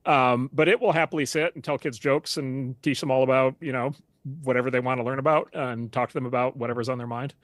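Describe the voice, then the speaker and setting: A middle-aged man, a tech investor guest, talking in a casual interview, rapid and animated with many fillers and restarts. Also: mid-range voice, dry recording. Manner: rapid and animated, full of "you know" and restarts.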